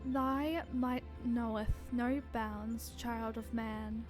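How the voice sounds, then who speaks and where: A woman voicing an ancient godlike being, speaking slowly in grave, archaic tones. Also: on the high side, fairly even intonation, darkish tone, soft background music, pitched below the performer's own voice. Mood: solemn. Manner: archaic, slow and solemn.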